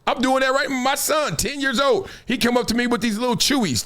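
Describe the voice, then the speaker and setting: A man hosting a casual commentary show, telling animated stories and acting out quotes. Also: very high voice, brisk. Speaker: show host.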